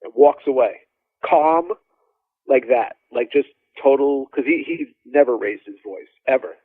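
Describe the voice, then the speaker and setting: Brief: male musician guest, lively storyteller, phone-quality dry audio. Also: mid-range voice, normal speed, slightly rough, no room sound. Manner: animated, rambling, acts out quoted dialogue. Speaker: drummer guest. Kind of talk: casual storytelling interview. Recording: dry tinny phone-like line.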